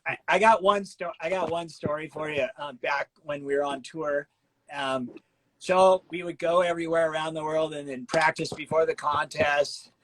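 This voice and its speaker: A middle-aged man hosting a casual interview, telling animated stories, acting out quotes and laughing often. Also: fairly high pitch, normal speed, slight background noise, poor audio. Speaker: host.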